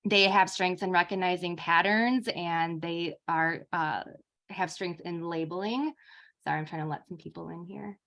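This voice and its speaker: A young adult woman lectures on her topic in a relaxed, conversational way, with a slightly low voice. She leans on fillers and keeps the tone informal. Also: normal speed. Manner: casual, uses many fillers like um and like. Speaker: speech therapist presenter.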